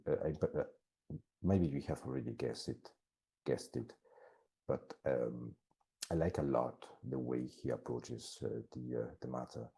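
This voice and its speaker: A man's voice: very deep voice, a little slow, creaky, dark tone. A man giving a classroom lecture in English, which is not his first language, talking hesitantly with many fillers and restarts.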